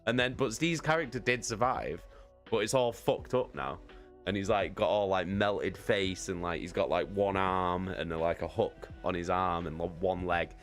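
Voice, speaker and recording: A man's voice: low voice, moderate pace, soft background music. Foul-mouthed, laughing man telling a story. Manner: swears constantly, laughs often, many fillers. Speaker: streamer. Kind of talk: casual storytelling about a tabletop game.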